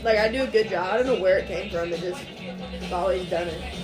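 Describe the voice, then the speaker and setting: A young woman, a guest on a casual podcast, chatting in relaxed, joking banter. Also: on the low side, quick pace, music in the background, low-quality recording. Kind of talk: casual chat.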